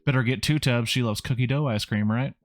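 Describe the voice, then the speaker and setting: A man's voice: mid-range voice, a little fast, no echo, clean studio sound. A man streaming a dating video game, reading the lines aloud in a casual way with wry asides. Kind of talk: let's play game reading.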